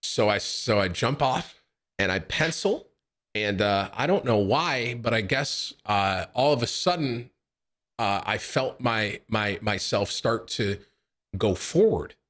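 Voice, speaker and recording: A young man telling a story to his stream chat, animated and profane, jumping into a raised voice to act out quotes. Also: lowish voice, slow.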